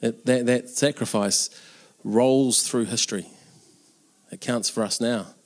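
A man's voice: medium pitch, steady tone, unhurried, a little hiss or hum. A man preaching an Easter sermon in an earnest, conversational way, with casual asides.

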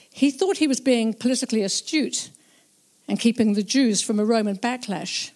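A woman narrating a Bible story as a first-person witness, slow, reflective and earnest. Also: a little high, darkish tone.

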